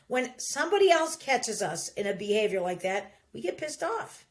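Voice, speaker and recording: Casual advice comes from a middle-aged podcast host whose voice is a little high and whose pace is moderate. She stays animated and puts on voices for the people she quotes.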